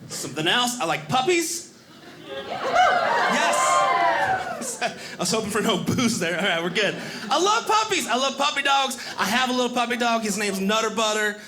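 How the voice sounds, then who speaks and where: A man doing a stand-up comedy set on stage, animated and acting out other people in quick voices. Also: very high voice, a loud crowd. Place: stage before a live audience. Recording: live club recording with audience noise. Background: audience laughter.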